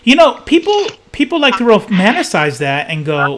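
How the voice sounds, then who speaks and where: Animated high-voiced swearing man. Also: normal speed. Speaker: co-host of a comics podcast. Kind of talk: casual live-stream chat.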